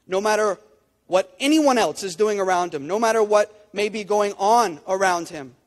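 A man's voice: high voice, long reverb tail. A man preaching a sermon, emphatic, with repeated phrases and rhetorical questions. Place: church sanctuary.

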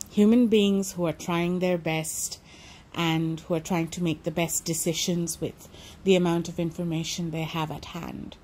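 Calm woman reading an audiobook. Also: fairly low pitch, slight background noise. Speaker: audiobook narrator. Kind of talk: reflective commentary and book reading.

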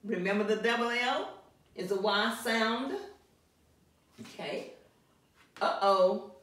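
Slow, echoey woman teaching Spanish. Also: mid-range voice. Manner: slow, deliberate, stresses syllables loudly; laughs at herself. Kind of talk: classroom lesson at a whiteboard. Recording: roomy echo from far off, faint music.

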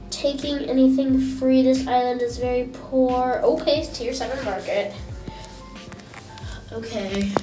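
A young woman hosting a casual gameplay vlog, chatty and gushing with excitement as she comments on what she sees. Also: on the high side, far from the mic. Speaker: gaming channel host. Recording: echoey room, mic set back, music behind.

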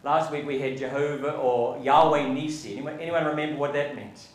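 A pastor with a fairly high voice speaks fairly quickly as he preaches in a church sanctuary, the room echoing around him. He questions the congregation and climbs to emphatic peaks.

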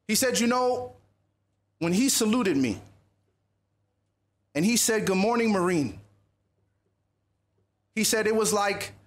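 A man speaking at a youth conference, telling a personal story in a lively, animated sermon style. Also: sits high. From USA.

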